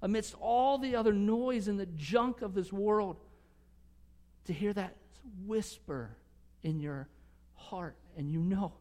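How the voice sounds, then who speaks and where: Man, pastor, sermon, earnest and emphatic, slightly high voice, long church reverb. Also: slow pace. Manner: earnest, rising to emphatic conviction, dropping to soft near-whispers.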